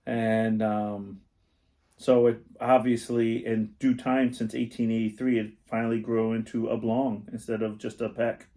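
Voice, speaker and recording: A man's voice: medium pitch, level tone, unhurried, dark tone. A man co-hosting a casual comedy podcast, joking and laughing as he reads out strange place names. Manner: jokey, laughs often, reads place names with crude puns. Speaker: podcast co-host.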